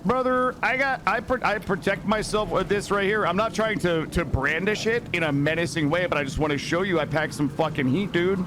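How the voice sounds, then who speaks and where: A man's voice: sits high, brisk, few pauses, noisy background. A man streaming a shooter game, joking with other players and yelping and screaming when attacked. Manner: excitable, yelps and screams, joking banter. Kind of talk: gaming stream commentary.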